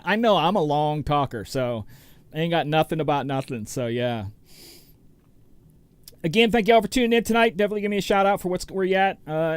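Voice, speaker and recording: A man's voice: on the high side, smooth, no room sound. A middle-aged man hosting a DJ livestream, chatting casually and rambling as he greets viewers by name. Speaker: DJ and show host.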